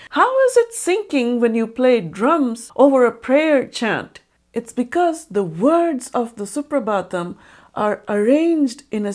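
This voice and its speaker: A woman narrating a scripted music lesson, explaining clearly and slowly and speaking rhythm patterns aloud as demonstrations. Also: fairly high pitch, darkish tone.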